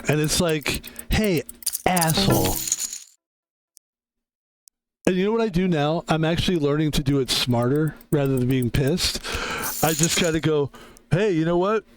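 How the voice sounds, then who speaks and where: A man's voice: on the high side, fairly quick, faint music behind, rough recording. A man streaming a game and chatting casually, rambling and profane with lots of filler words. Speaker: streamer and security guard.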